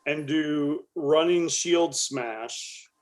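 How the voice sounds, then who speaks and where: A man with a slightly higher voice, playing in a tabletop game. He thinks out loud about rules, hesitant and unhurried. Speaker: player. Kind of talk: casual tabletop play.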